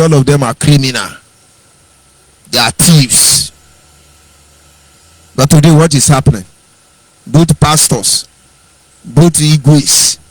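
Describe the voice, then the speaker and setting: A man's voice: fairly high pitch, no room sound. A Nigerian man giving an impassioned political monologue, rhetorical and mocking in tone. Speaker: political commentator.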